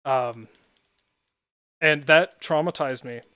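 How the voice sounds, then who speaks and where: A man's voice: mid-range voice, slow pace, bright, forceful tone, no echo. A young man streaming and chatting casually while gaming, rambling and often laughing at his own stories.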